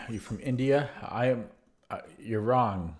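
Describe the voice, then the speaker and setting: A young man streaming chess, thinking his moves out loud, repeating words as he calculates and chatting back to his viewers. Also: medium pitch, takes it slowly. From Canada. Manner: chatty replies to viewer chat. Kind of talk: live-stream chess commentary, thinking aloud.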